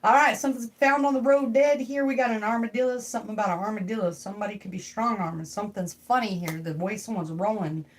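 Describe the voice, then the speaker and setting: A young woman talks fast and barely pauses on a casual home tarot stream, her pitch medium. She drifts from point to point, makes jokes and keeps engaging her viewers.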